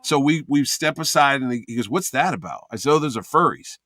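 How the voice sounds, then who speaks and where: A man telling a lively convention story in casual chat, acting out what others said. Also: mid-range voice, brisk, no echo, clean studio sound. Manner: animated anecdote teller, acts out quoted voices.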